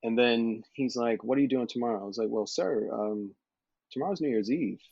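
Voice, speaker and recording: A man who is a podcast guest, telling stories in a casual chat, animated and laughing as he acts out the people in them. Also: medium pitch, a little fast, gravelly, slightly rough, no echo, dull audio. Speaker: podcast guest, model and actor.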